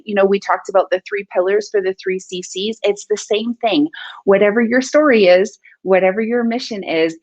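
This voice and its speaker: This is a woman talking over a video call, warmly effusive and quick to celebrate others. Her sound is dry and close, with a dull, lo-fi edge from the call audio. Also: mid-range voice, dry recording. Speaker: podcast co-host guest. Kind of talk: casual video-call interview.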